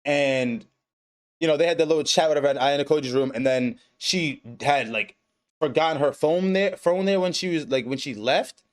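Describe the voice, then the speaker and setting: A man's voice: on the high side, moderate pace. Casual, profane man streaming an anime recap. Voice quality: relaxed, profane, laughs often. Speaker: stream host. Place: home streaming setup. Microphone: desk setup with webcam.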